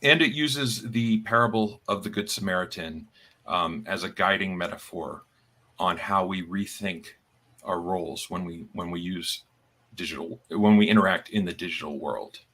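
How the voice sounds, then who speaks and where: A man co-hosting a podcast, chatting casually and halting with fillers and restarts. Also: sits low, bright, forceful tone, slightly rough. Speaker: podcast co-host. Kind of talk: casual chat.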